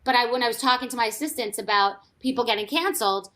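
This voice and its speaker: Speaking quickly in a sharp, high-leaning voice, this woman from a past reality TV show shares gossip casually. She rambles candidly, backtracking often and adding side remarks.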